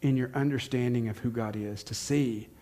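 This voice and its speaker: Here a preacher from the United States, a man in his forties with a Southern accent, talks a little fast in a dark, mid-range voice with fairly even intonation. His sermon is earnest and full of questions to the congregation, with key lines repeated for emphasis.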